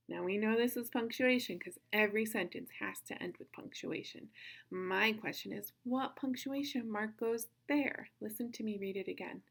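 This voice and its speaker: A woman teaching a kindergarten phonics lesson, sounding out words slowly in an encouraging sing-song way. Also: medium pitch, gravelly, slightly rough. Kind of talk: phonics lesson for young children.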